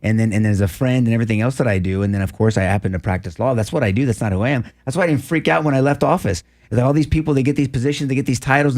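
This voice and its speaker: A man's voice: mid-range voice, a little mellow. A man, a former prosecutor, talking earnestly in casual conversation, restarting and repeating phrases. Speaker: former district attorney, guest.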